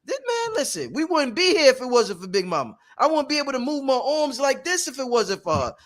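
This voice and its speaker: Male host, very high pitch, emphatic and profane, repeats himself, live workshop talk. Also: big pitch swings, a little fast, fairly bright tone.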